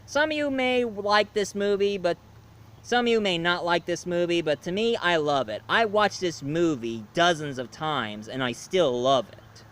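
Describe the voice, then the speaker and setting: A man's voice: sits high, lively intonation, normal speed, a bit bright, clean tone. Rambling male movie reviewer. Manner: rambling, lots of fillers.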